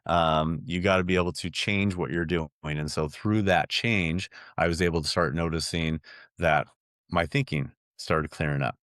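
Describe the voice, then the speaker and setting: A man's voice: low-pitched, steady tone, normal speed, a bit bright, dry recording, studio quality. A middle-aged man as a podcast guest, telling a personal story earnestly, with many restarts and fillers.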